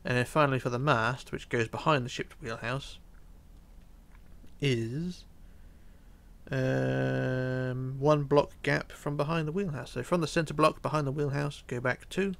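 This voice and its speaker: A tired, yawning man with a gravelly, mid-range voice narrates a casual game tutorial at a measured pace. He's relaxed, counting blocks under his breath and sometimes dropping to a near whisper.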